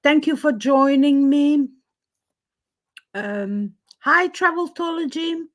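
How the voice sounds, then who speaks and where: A woman hosts a relaxed live chat from home, talking unhurriedly and greeting her viewers one by one. Her voice sits a little high, and she fills her pauses with plenty of ums and uhs. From Switzerland. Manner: chatty, greets viewers by name, many fillers. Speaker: livestream host. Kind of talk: casual live-stream chat.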